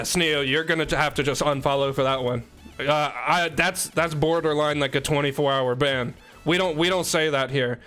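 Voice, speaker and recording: A man's voice: a little high, steady tone, normal speed, a bit bright, smooth, soft background music. A young man streaming a game, chatting casually with his viewers, joking and teasing between explanations, on a desk microphone. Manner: joking, teasing chat, rambling asides. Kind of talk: casual live-stream chat.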